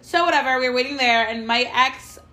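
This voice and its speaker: A young woman with a bright, forceful voice pitched a little high tells a personal story in casual conversation. She talks bluntly, swears freely and acts out the lines of the people in her story. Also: brisk. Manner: candid storytelling with frequent swearing and quoted dialogue. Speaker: podcast host. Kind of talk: casual chat.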